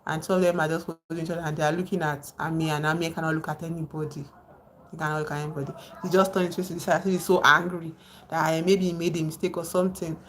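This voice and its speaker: A woman's voice: low-pitched, little pitch movement, fast talker, a bit bright, a little hiss or hum. A woman live streaming, casually retelling a novel and breaking off to greet viewers in the chat. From Nigeria.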